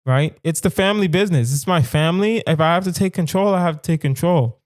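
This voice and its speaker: Smooth-voiced man riffing solo on a podcast. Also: a little high, fast talker, no echo, clean studio sound. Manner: riffing, addresses listeners directly, mock-serious asides. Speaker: comedian podcast host. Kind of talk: solo comedic monologue.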